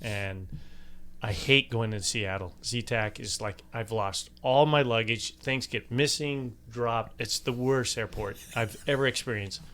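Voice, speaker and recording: A man's voice: mid-range voice, measured pace, fairly bright tone. An older man co-hosting a casual podcast, telling stories with jokes and laughter. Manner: joking storyteller, laughs often. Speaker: podcast co-host. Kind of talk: casual chat.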